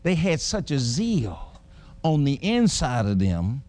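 A man's voice: mid-range voice, sing-song, slow pace, darkish tone, dry recording. A middle-aged man preaching a sermon, folksy and emphatic, chuckling as he tells personal stories.

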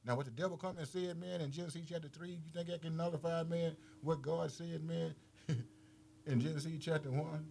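A man preaching informally, firing off rhetorical questions, calling the listener man, boy and baby, laughing between phrases and swinging between loud and soft. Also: on the high side, steady tone, moderate pace, gravelly, slight background noise.

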